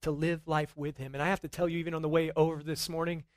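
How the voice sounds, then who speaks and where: A middle-aged pastor preaches an earnest sermon in church, sometimes rising to excited emphasis. He talks fast in a fairly high voice, with no room sound.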